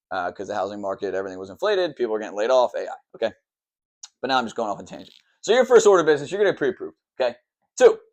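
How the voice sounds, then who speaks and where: Brief: fast-talking male mortgage lender at a whiteboard, rambling, mid pitch, keeps saying "okay". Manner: fast, rambling, full of "okay" and "all right" check-ins; says he talks fast and tries to slow down. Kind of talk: explaining the mortgage process.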